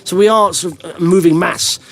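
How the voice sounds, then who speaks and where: A man's voice: high-pitched, steady tone, fairly quick, vocal fry, fairly bright tone. A middle-aged man hosting a podcast, telling rambling anecdotes in casual chat and chuckling often. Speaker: podcast host.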